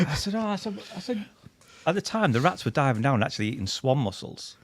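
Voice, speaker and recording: Animated, husky man telling stories. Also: a little high, brisk. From England. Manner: animated, laughing anecdotes with acted-out quotes. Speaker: podcast guest. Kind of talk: storytelling chat.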